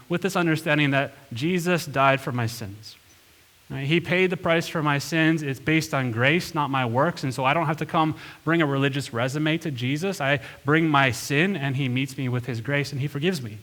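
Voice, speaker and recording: A man's voice: mid-range voice, fairly bright tone. A man, a pastor, preaching a sermon in a church, earnest and emphatic, leaning hard into the lines he quotes. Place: church sanctuary.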